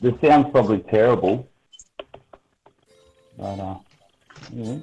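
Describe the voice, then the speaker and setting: A man's voice: lowish voice, takes it slowly, dark tone. An Australian man in his forties, swearing and joking in casual banter on a video call. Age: 40s. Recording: dull lo-fi call audio.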